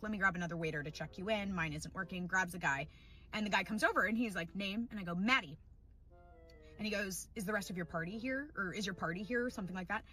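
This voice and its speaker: A woman's voice: lowish voice, sharp tone. A young woman telling a funny story about herself in a dramatic, self-mocking way. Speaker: storyteller in a played clip. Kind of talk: comedic storytelling.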